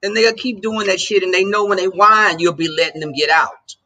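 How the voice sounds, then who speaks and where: A man's voice: sits high, fairly even intonation, a little fast, sharp tone. A man hosting a livestream, chatting loosely and jokingly with his viewers. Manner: loose and joking, talks straight to the chat. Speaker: livestream host. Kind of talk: casual chat with live viewers.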